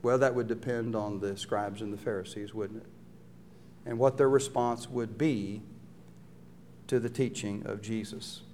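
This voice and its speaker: Animated male preacher. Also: fairly low pitch, unhurried, slight background noise. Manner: animated storytelling, asks rhetorical questions, acts out quotes. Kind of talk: sermon.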